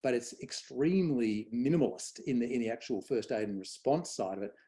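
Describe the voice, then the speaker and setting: A middle-aged man, a guest on event safety, telling anecdotes in a lively way and acting out quoted dialogue. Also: mid-range voice, fairly quick. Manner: animated storyteller, acts out quoted dialogue. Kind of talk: conversational anecdote.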